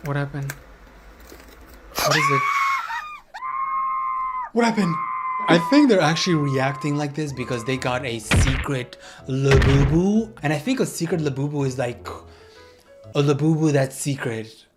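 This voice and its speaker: A video creator giving casual, sarcastic reaction commentary with quick mocking asides. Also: medium pitch, over loud music.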